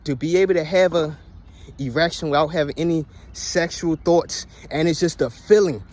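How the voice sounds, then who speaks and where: A man's voice: on the high side, moderate pace, darkish tone. A man giving a casual monologue to his followers, talking emphatically and preachily, with lots of swearing and repeated "you hear me". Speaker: vlogger.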